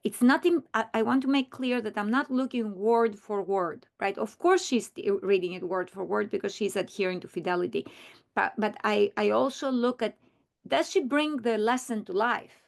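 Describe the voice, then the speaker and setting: Woman, teacher trainer, earnest explanation, frequent restarts, gravelly fry. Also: medium pitch, normal speed. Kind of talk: recorded training presentation.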